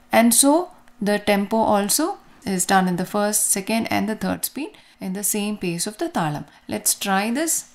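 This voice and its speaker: Indian woman teaching dance, chanting rhythm syllables. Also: a little high. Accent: Indian English. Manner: explains patiently, chants rhythm syllables in time. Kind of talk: recorded dance lesson, reciting syllables.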